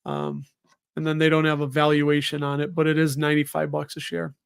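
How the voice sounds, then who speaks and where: Middle-aged guy hosting a live stream, kinda high voice, rambles and talks to himself as he goes. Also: monotone, fairly quick, vocal fry, clean tone. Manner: rambling, thinks aloud, breaks off mid-sentence. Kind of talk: casual live stream chat.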